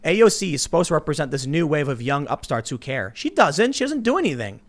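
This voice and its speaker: A man's voice: a little high, sing-song. A man hosting a political talk show, arguing his points emphatically and interrupting his guests. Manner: fast, emphatic, argumentative, interrupts. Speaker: host. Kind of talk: political panel debate.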